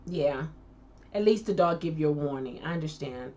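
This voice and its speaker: A woman hosts a casual live chat, reading viewer comments loosely, laughing often and restarting sentences that trail off. Her deep, darkish voice is expressive at normal speed, captured by a distant lo-fi mic with faint noise.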